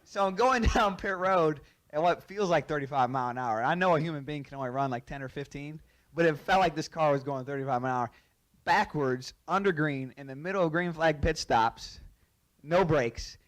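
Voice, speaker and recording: A man's voice: fairly high pitch, a little fast. A man, a racing driver, telling an anecdote, laughing often as he goes. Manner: animated, laughs through his story. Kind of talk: storytelling anecdote.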